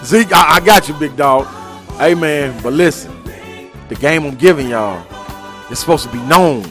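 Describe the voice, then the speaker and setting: A man's voice: fairly high pitch, animated, moderate pace, fairly bright tone, soft background music. A man hosting a live sports talk show, ranting emphatically in heavy slang.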